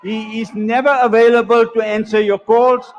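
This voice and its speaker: High-voiced guy in the crowd repeating his complaint, dull far off mic sound. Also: little pitch movement, moderate pace.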